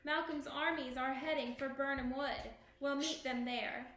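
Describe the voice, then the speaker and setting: A woman voicing a quiet, trembling nobleman bearing bad news in a storybook. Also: sits high, steady tone, unhurried, reverberant, slight background noise. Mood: somber.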